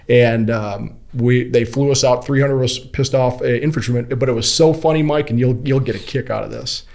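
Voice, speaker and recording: A man from Kuwait in his thirties, a podcast guest telling stories in a casual, animated way and acting out the quoted voices. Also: medium pitch. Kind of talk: casual storytelling interview.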